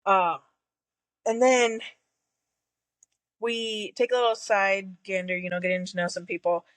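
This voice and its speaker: A woman's voice: mid-range voice, flat delivery, unhurried, dry recording. A woman in her thirties co-hosting a podcast, chatting casually about a book, blunt and swearing freely, laughing often. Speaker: podcast co-host. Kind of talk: casual book discussion chat.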